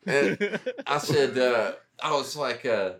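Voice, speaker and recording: A man's voice: mid-range voice, big pitch swings, slow, fairly bright tone. A man who is a military veteran, chatting casually on a podcast in a laid-back, rambling, self-deprecating way. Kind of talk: casual chat.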